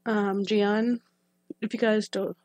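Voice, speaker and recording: A woman's voice: mid-range voice, level tone, slow, a little mellow, no room sound, studio quality. A young woman who reacts to videos online, chatting casually in a hesitant, emotional way that trails off and restarts. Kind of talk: casual personal chat.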